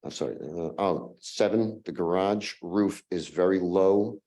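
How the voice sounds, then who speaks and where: A hoarse man who is losing his voice, making a formal presentation as an applicant to a town zoning board and running through a numbered list with fillers. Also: deep voice, unhurried, mellow. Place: town meeting room.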